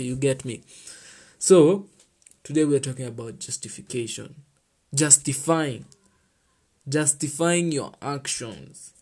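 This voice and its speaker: A man's voice: mid-range voice, warm tone, husky. A teenage boy from Kenya with a Kenyan accent, hosting his own show in a chatty, heartfelt monologue that mixes in Swahili slang. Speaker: host. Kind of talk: casual solo podcast chat.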